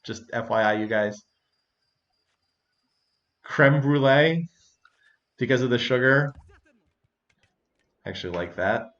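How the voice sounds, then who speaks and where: A man's voice: mid-range voice, lively intonation, slow, pauses often, a bit bright, dull audio. A man hosting a strategy game session, chatting casually, thinking aloud and laughing often. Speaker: let's-play host. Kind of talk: casual gameplay commentary.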